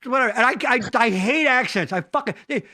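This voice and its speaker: A man's voice: very high-pitched, fairly quick, bright, forceful tone, dry recording, clean studio sound. A middle-aged man co-hosting a live stream, joking and rambling with crude banter.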